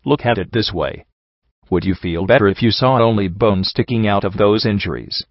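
A gentle, earnest pegasus doctor, voiced by a man in a low register, reassuring her patient in soft, matter-of-fact tones. The recording is dry and slightly dull, as from a home audiobook setup. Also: normal speed, dry recording.

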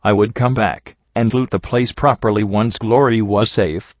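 Low male voice reading a dark story, dull lo-fi sound, dry. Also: fairly even intonation, moderate pace, dry recording. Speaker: audiobook reader. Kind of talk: first-person story narration. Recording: dull lo-fi recording.

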